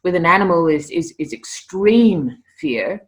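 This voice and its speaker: Woman, middle-aged interview guest, lower voice, animated stories, stumbling restarts. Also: a little slow. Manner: animated, repeats words when starting sentences. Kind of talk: casual storytelling interview.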